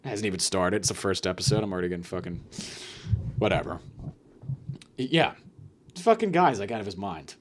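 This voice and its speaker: A man hosting a comic solo podcast rant, profane and sarcastic, swinging between loud mock-angry jabs and muttered asides. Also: low voice, expressive, brisk, pauses often. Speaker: podcast host.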